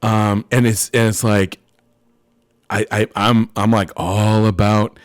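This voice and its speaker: A middle-aged man hosting a casual gameplay stream, talking excitedly, swearing and laughing. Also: fairly low pitch, slow pace, clean tone. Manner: animated, swearing, bursts of laughter, reading aloud. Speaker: streamer host.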